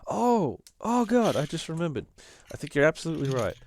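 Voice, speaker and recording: An Australian man co-hosting a political podcast, talking in an animated, casual way and often restarting his sentences. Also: on the high side, brisk, slight background noise. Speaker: podcast co-host.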